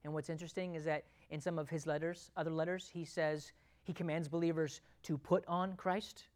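A woman preaches a sermon with an emphatic delivery. She repeats her key lines for weight and asks the congregation questions. Her level swings from loud, driving passages down to quiet, close ones. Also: low-pitched, level tone, fairly quick.

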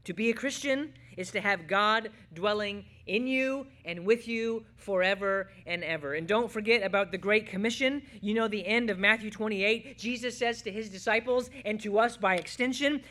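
Bright-voiced man preaching to his church. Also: high voice, normal speed, hardly any pauses. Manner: preaching with sweeping swings from loud emphasis to hushed quiet. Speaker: pastor. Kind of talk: sermon.

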